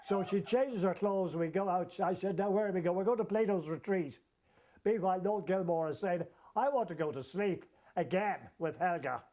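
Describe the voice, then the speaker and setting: High-voiced man telling a comic yarn. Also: moderate pace. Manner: lively, chuckles as he tells it. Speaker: storyteller. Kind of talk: comic anecdote told to an audience.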